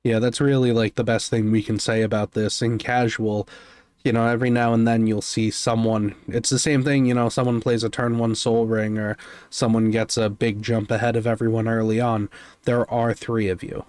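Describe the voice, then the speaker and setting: A man's voice: fairly low pitch, flat delivery, moderate pace, a little mellow, clear, resonant tone, no room sound. Laid back podcast guy, says you know a lot, dead dry mic. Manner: easygoing and conversational, with "you know" fillers. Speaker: podcast co-host. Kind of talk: casual podcast chat about card games.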